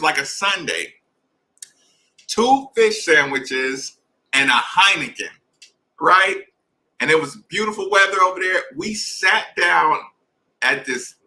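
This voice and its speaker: Bright, animated man telling a story. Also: fairly high pitch, rough recording. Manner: animated, conversational, addresses listeners directly. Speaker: podcast host. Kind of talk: casual storytelling.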